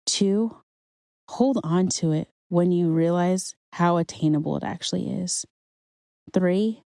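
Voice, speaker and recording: A woman with a low, warm voice uses her podcast to tell a personal story of faith. Her delivery is earnest and conversational, full of encouragement for listeners, in a dry recording.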